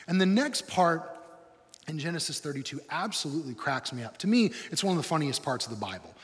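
Pastor guy preaching, high voice, funny storyteller, big hall echo. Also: a little fast. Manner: lively, humorous storytelling. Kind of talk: sermon.

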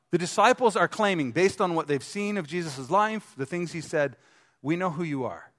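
A man's voice: a little high, lively intonation, normal speed, fairly bright tone. A man preaching a sermon as pastor in a gym, talking conversationally and asking the congregation questions. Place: gym used as a church hall. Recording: long hall reverb.

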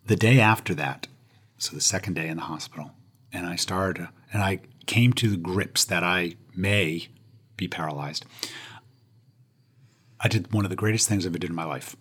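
Husky man telling a funny story. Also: low voice, fairly quick, a bit bright. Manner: self-deprecating, punchline delivery. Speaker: interview guest. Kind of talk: humorous personal storytelling.

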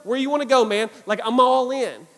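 Guy acting out an all-in fisherman disciple, high and loud, echoey hall. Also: fairly quick. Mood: fired up. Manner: excited, loud and emphatic.

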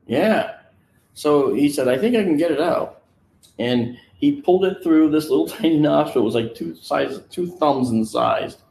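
A man casually telling a personal story in an animated way, acting out the voices of the people he quotes. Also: medium pitch, reverberant, slight background noise. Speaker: guest recounting a personal experience. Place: on location, indoors.

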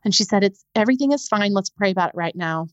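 A woman's voice: mid-range voice, expressive, no room sound, muffled recording. Woman telling a painful story. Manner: halting, repeats words when upset. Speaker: podcast guest. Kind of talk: emotional personal storytelling.

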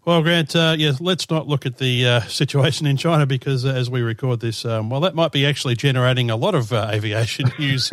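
A man's voice: medium pitch, brisk, few pauses, no echo. A man in his fifties with an Australian accent, co-hosting a podcast in a chatty, self-mocking way and laughing often. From southern Australia. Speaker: podcast co-host. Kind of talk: casual chat.

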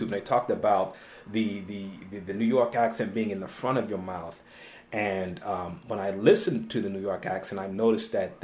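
A male actor chatting as an interview guest, halting with many fillers and restarts and laughing easily. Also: fairly low pitch. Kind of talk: casual interview chat. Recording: roomy echo.

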